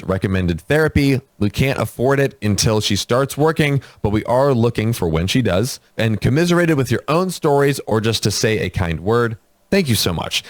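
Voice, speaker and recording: A man with a mid-pitched, very lively voice reads a post aloud and drops short remarks between passages. The sound is close and dry. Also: no room sound. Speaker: host reading posts aloud. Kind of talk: reading a post aloud with comments.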